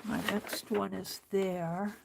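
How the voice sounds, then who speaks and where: Woman crafter, slow unhurried talk, mutters to herself while stitching, faint clicks behind. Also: mid-range voice, flat delivery, vocal fry, noisy background. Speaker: art journaling host. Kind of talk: casual crafting demonstration.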